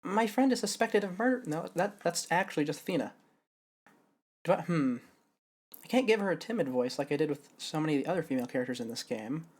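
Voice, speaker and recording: A man's voice: fairly high pitch, fast talker, slightly rough. A young man streaming a game live, musing to himself and correcting himself as he works out character voices. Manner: musing, self-correcting, thinking aloud.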